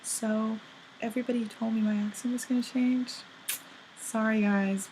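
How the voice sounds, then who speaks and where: A woman's voice: on the high side, fairly even intonation, normal speed, a little mellow, a little hiss or hum, poor audio. A young woman from England with a British accent, chatting in a bubbly vlog full of likes and ums. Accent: British English. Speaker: vlogger. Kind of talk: casual vlog monologue.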